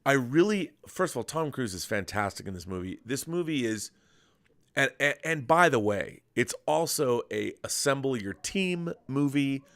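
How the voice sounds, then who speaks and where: Animated and fairly bright, a middle-aged man's mid-range voice runs at a moderate pace. He's a podcast host chatting casually and with enthusiasm about films, rambling and restarting.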